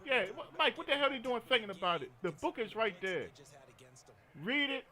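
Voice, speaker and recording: A man with a high, bright voice chats casually while streaming a game. He jokes around and tells stories to his viewers. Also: animated, fast talker. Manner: joking, storytelling, frequent laughter. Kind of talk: casual gaming commentary.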